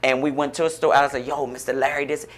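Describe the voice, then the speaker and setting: A man's voice: mid-range voice, flat delivery, fast, fairly bright tone, slight background noise. Radio guest: a man with a mid-range voice, talking in an inspirational, preacherly way. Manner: fervent and encouraging, preacherly. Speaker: guest, author and pastor-like speaker. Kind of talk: radio interview, inspirational talk. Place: radio studio.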